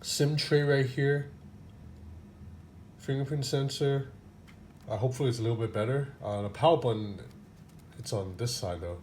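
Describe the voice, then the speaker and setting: A man's voice: medium pitch, normal speed, long pauses, a little mellow, slight background noise. Laid-back man rambling through a gadget unboxing. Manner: rambling, loose, with many fillers and restarts. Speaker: gadget reviewer. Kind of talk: casual unboxing and hands-on review.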